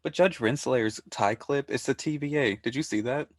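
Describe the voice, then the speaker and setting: A man's voice: mid-range voice, normal speed, dry recording, clean studio sound. A man co-hosting a podcast, recapping a show in casual chat and retelling scenes with quoted voices. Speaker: podcast co-host.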